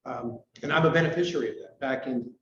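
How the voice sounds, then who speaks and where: A middle-aged man from Canada giving a rambling, hurried, self-deprecating talk to his club at a breakfast meeting. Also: mid-range voice, fairly bright tone. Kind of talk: informal members' talk. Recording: roomy, distant, dull recording with faint noise.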